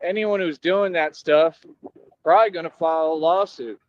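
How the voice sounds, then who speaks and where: A man's voice: a little high, moderate pace. A man ranting insistently, repeatedly asking if listeners follow him. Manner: insistent, keeps asking for agreement. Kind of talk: casual rant. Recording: dull lo-fi audio with faint noise.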